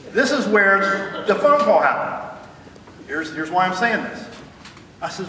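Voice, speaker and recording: A middle-aged man, a guest speaker, telling an animated story to an audience and acting out phone calls. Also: a little high, a little slow, slight background noise. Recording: echoey hall, mic far off.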